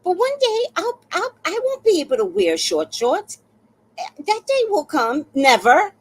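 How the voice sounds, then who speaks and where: In poor audio, a woman in her sixties speaks in a very high voice at a measured pace. She hosts a live stream, chatting casually and telling lively stories, laughing and swearing casually along the way.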